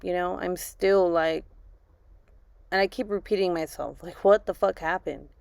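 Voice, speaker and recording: A grieving mother talking casually to her viewers in a halting way, restarting sentences and repeating herself. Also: fairly low pitch, gravelly, darkish tone, no room sound. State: grieving, subdued. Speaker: vlogger and mother. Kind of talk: casual personal vlog.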